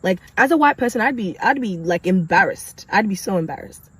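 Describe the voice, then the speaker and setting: A young woman from Kenya, a nurse, telling a personal story to camera in an animated, emphatic way, with repetition and vocal sound effects. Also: medium pitch, a little fast, breathy edge, low-quality recording. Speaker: nurse sharing her story.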